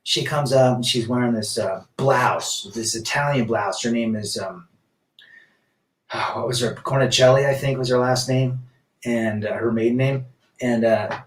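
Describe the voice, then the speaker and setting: A man's voice: mid-range voice, normal speed, roomy sound, distant mic. A man hosting a casual live stream, reading viewer comments aloud and answering in a rambling, blunt way with many restarts.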